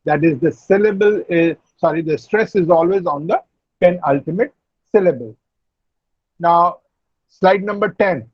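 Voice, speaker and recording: A man lecturing an online class, explaining slowly, repeating and spelling out words. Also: high voice, no room sound, highs cut off. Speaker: university lecturer. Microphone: video call.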